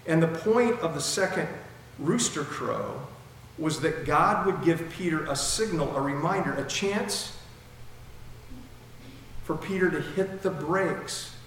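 A man preaching a sermon emphatically, with sudden swings between loud and soft, while his mouth keeps going dry. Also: fairly high pitch, animated, slow pace, slight background noise. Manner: emphatic, with dramatic swings in loudness. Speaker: pastor. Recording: echoey hall with long reverb.

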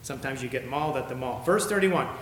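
A man preaching a sermon as pastor, emphatic, his voice climbing high when he reads verses. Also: fast talker, a bit bright. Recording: echoey room with faint ambience.

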